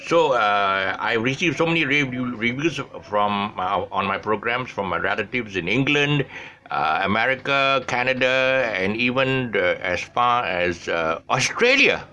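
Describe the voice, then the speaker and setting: With an animated, medium-pitched voice that sounds pushed and bright, an older host speaks at a measured pace on his online show. His casual talk to camera is full of restarts and self-corrections, and he laughs at his own mistakes. Faint noise sits in the background.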